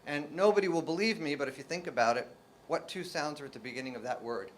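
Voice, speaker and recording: An American man from New Jersey lecturing as a linguistics professor, with a voice pitched a little above most men's. He keeps the audience engaged with jokes and rhetorical questions and sounds out example words one by one. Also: quick pace, slight background noise. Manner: lively, joking, full of rhetorical questions to the audience. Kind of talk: academic lecture to a live audience.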